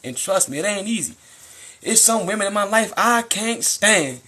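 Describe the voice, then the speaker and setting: A young American man in a casual live-stream monologue, animated and slangy, preaching to his viewers. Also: sits high, moderate pace. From United States. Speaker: livestreamer.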